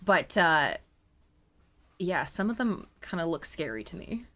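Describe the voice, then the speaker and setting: Lively, swearing young woman streamer. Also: on the low side, unhurried. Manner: rambling, swearing, many fillers. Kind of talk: casual chat while streaming a game.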